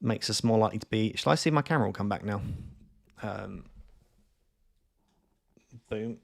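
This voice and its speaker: A man's voice: lowish voice, moderate pace, vocal fry. Chatty man thinking aloud. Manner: chatty, rambling, self-mocking, thinks aloud with many fillers. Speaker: streamer. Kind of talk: casual live-stream commentary while playing a map guessing game.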